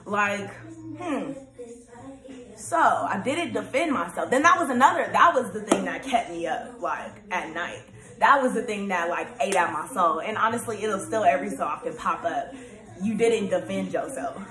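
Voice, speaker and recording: A woman's voice: medium pitch, normal speed, a crowd in the background. A young woman vlogging in a casual, candid monologue, rambling with lots of fillers and often laughing. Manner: laughs often, turns loud and animated when excited. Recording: echoey room.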